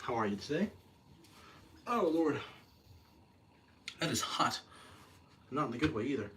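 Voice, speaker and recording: A man's voice: mid-range voice, sing-song, a little slow, long pauses, background noise. A man hosting a casual show-and-tell vlog, rambling and self-correcting, with a self-deprecating, nerdy enthusiasm. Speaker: video host.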